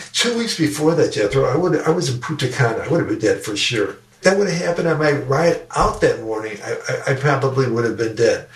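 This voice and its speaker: An older man, a guest educator and speaker, earnestly telling a personal story in a podcast interview and often repeating his words. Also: mid-range voice. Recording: roomy sound, distant from the mic.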